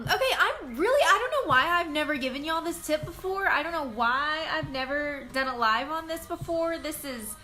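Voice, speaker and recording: A woman's voice: high-pitched, pushed and bright, slight background noise. A bubbly, chatty woman, hosting a casual live stream from home and greeting viewers by name. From Texas.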